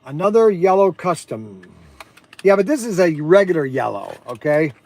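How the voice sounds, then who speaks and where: A man's voice: on the high side, big pitch swings, normal speed, gravelly, darkish tone. A man hosting a casual livestream about his shop's products, talking energetically and rambling with many fillers and restarts. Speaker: host and shop owner.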